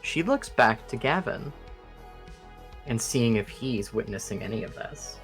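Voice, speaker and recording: Slow-talking male tabletop player. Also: medium pitch, soft background music. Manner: relaxed, narrating his character's actions. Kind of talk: casual tabletop play.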